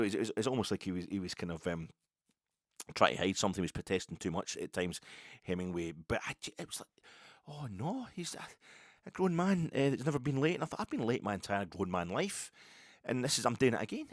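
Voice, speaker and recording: A man's voice: mid-range voice, no echo, studio quality. A middle-aged Scottish man hosting a solo football fan podcast, rambling and swearing as he rants. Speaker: podcast host.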